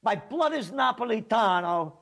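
Ranting New commentator, high lively voice, slow, mocking delivery. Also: male voice, creaky. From New York. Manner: combative, sarcastic, mocking. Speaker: commentator and host. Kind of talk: ranting political monologue.

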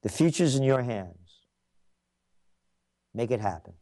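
A man's voice: mid-range voice, expressive, measured pace. An older man hosting a trends commentary show, delivering an opinionated monologue with emphatic, repetitive declarations.

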